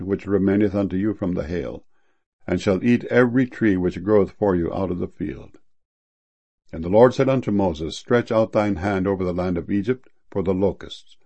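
A man with a low, gravelly voice gives a solemn scripture reading. He phrases each line in a measured, deliberate way and slows down to lean on key words. His tone is somewhat husky. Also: dark tone. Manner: measured, deliberate phrasing with slow emphatic stresses.

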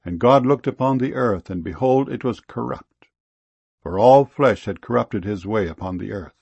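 A man reading scripture aloud in a slow, measured, reverent way. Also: lowish voice, creaky, darkish tone, husky, dry recording. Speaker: scripture reader. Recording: dull, lo-fi sound.

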